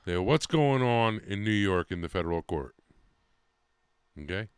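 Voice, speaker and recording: A man hosting a podcast in brash, profane, teasing banter. His voice is very low. His pitch swings widely as he talks. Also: lively intonation, a little slow, clear, resonant tone, dry recording, studio quality. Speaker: podcast host.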